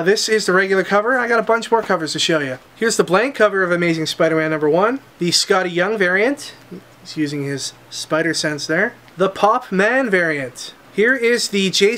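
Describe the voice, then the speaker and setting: A man's voice: high voice, a bit bright. A man hosting a comic shop's weekly unboxing video, presenting each item in an eager, upbeat patter. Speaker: comic shop host. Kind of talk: product showcase chat.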